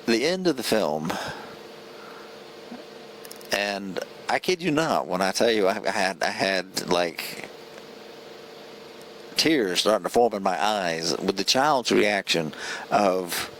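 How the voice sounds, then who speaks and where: A man talks through a film review in a loose, casual way, earnest and rambling, tripping over his words and restarting his sentences. His voice sits fairly low. Faint background noise hums under the recording. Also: expressive, slow pace, pauses often, a bit bright, rough recording.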